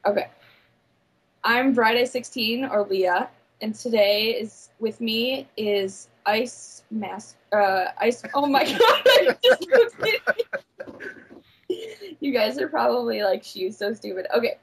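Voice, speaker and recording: A woman's voice: on the high side, animated, takes it slowly, background noise. A woman from California hosting a casual podcast, giggly and self-conscious, often restarting her lines. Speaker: podcast host.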